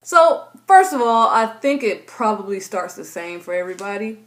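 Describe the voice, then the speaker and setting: A woman's voice: mid-range voice, sing-song, moderate pace, fairly bright tone. A young woman, chatting casually to her camera and acting out her own thoughts in playful voices. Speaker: vlogger.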